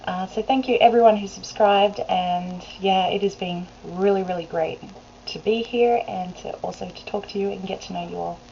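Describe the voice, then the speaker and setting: A medium-pitched, dark voice with vocal fry belongs to an Australian woman speaking at normal speed. As a vlogger, she chats casually to her webcam, rambling and full of laughs. Faint hiss sits under the dull, lo-fi recording.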